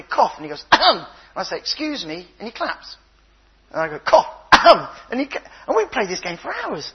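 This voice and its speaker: An older man preaching a sermon, telling stories with playful voices and a husky tone. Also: high voice, dull audio. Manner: animated storytelling with playful voices.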